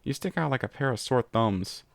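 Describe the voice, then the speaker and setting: A man's voice: medium pitch, expressive, normal speed, gravelly, no room sound. A male narrator plays a smug male villain who is very pleased with his own cleverness. His delivery is self-satisfied and close. The recording is dry.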